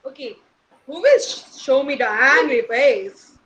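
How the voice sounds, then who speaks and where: A woman's voice: sits high, expressive, unhurried, a bit bright, muffled recording. A young woman with an Indian English accent teaching small children in an online class, playful and coaxing, asking lots of questions and laughing often. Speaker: nursery teacher.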